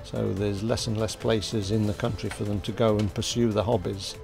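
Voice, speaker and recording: A man running a model shop, answering an interview in a measured, regretful way. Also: on the low side, little pitch movement, gravelly, darkish tone, faint music behind.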